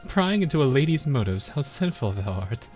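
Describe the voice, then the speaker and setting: A man's voice: medium pitch, big pitch swings, normal speed, a little mellow, faint music behind, close to an everyday voice. Man reading as Duke of York, archaic and menacing. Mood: teasing menace. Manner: archaic formal phrasing. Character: haughty seductive woman warship spirit, archaic speech.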